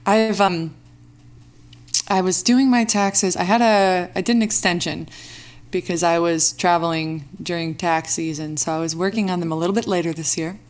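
Animated woman chatting as podcast guest. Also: fairly low pitch. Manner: lively, animated, quick to laugh. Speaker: podcast guest, recording artist. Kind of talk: casual chat.

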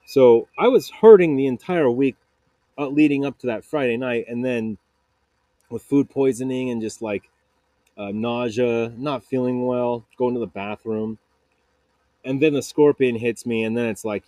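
This podcast host, a man in his thirties, has a medium-pitched, warm voice captured in a dry recording. He recounts a personal story in a relaxed way, stumbling over fillers and words he repeats.

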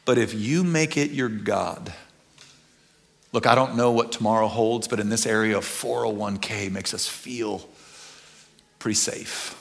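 A middle-aged man, preaching a conversational sermon that swings from quiet and earnest to loud, animated bursts. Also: lowish voice, a little slow, creaky, pauses often. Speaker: pastor.

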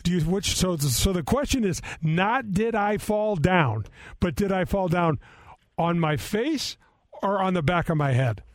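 A man in his fifties rambles through a funny, self-mocking anecdote, full of restarts and "uh"s. His voice sits a bit high, recorded close and dry with no room sound. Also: expressive, measured pace, dry recording. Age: 50s. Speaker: co-host, former golfer. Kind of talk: casual storytelling chat.

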